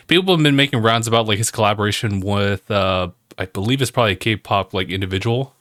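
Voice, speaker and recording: Lowish voice guy, bright sharp tone, rambly podcast talk w lots of likes and uhs. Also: quick pace, no room sound, studio quality. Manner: rambling, full of fillers like "like" and "uh". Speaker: podcast co-host. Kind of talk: casual chat.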